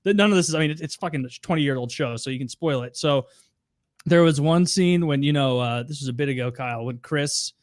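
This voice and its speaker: A man with a fairly high voice recounts a story on a casual podcast, laughing and restarting his sentences. The sound is dry and close to the mic. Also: brisk, no echo. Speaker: podcast host.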